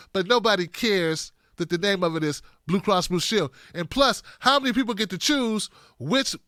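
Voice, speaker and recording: A man hosting a livestream of political commentary, animated and talking straight to his viewers, sometimes putting on mocking voices. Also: high voice, dry recording, clean studio sound.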